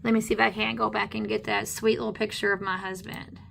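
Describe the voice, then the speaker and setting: A woman, co-hosting a channel, talking indignantly and haltingly in casual commentary on videos. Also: mid-range voice, flat delivery, vocal fry, fairly bright tone, a little hiss or hum. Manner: indignant, halting with many fillers. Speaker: channel co-host. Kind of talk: casual commentary on screen content.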